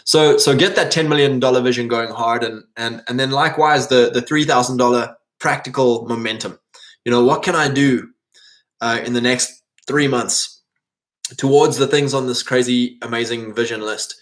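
A man's voice: mid-range voice, steady tone, normal speed, fairly bright tone. Earnest rambling man, faith talk. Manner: earnest, rambling, many restarts and fillers. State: voice strained, coughing and clearing throat. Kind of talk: faith-based men's motivational talk.

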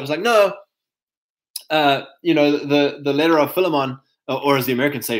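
Brief: South African man, slightly high pitch, animated casual monologue, mocking tone. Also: moderate pace, low-quality recording. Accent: South African English. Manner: animated, mocking asides in put-on voices, frequent laughs and fillers.

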